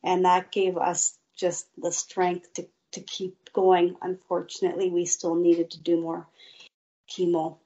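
Slow, earnest woman telling her story. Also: lowish voice, completely flat delivery, mellow, highs cut off. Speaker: interview guest. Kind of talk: personal faith testimony.

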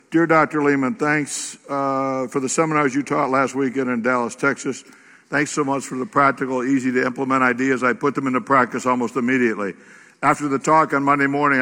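A man preaching a sermon in a church, reading aloud and then speaking with animated, exclamatory emphasis. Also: mid-range voice. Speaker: pastor. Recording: echoey church hall.

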